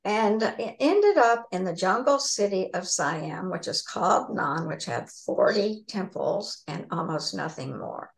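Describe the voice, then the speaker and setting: Woman author guest on a video call, lively storyteller, gravelly voice. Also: mid-range voice, unhurried, few pauses, low-quality recording. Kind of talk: casual interview storytelling.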